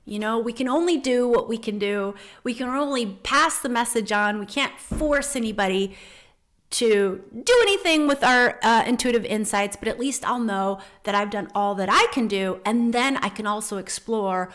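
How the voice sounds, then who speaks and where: A woman hosting a spiritual podcast, talking casually and earnestly, telling personal stories with animated feeling. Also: on the high side, moderate pace. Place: home in the Netherlands.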